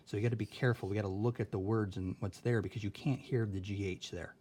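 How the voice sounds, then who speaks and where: A young male teacher with a slightly low, warm voice takes students through a spelling lesson, patient and careful yet fast, frequently asking "okay?" His intonation stays fairly even, and a faint hiss runs beneath the recording.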